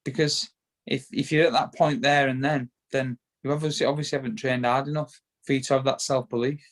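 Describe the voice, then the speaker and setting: Speaking a little fast in a level, mid-range voice, the Yorkshire-accented guest is a bare-knuckle boxer in an informal interview. His talk is rambling, full of restarts and repeated words.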